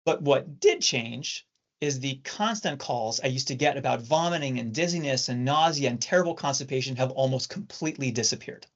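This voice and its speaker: Measured male surgeon, lo-fi sound. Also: mid-range voice, expressive. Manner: measured, explanatory. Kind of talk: recorded training talk for nurses. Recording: dull lo-fi recording.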